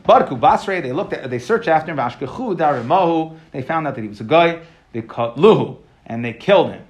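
A man teaching a Talmud class, reading each line and explaining it in casual, lively talk with modern asides. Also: a little high, a little fast. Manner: reads each phrase, then explains it casually.

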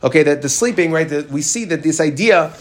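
Animated man teaching a Talmud lesson. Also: fairly quick. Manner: reads Aramaic text then explains in English, animated rises in pitch. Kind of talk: Gemara lesson, reading and explaining.

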